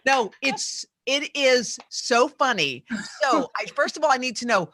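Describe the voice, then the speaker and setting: A woman's voice: fairly high pitch, lively intonation, normal speed, pushed and bright, no echo, studio quality. A woman hosting a morning TV interview, effusive and gushing with praise for her guests. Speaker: TV morning show host interviewing a cast. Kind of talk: enthusiastic interview chat.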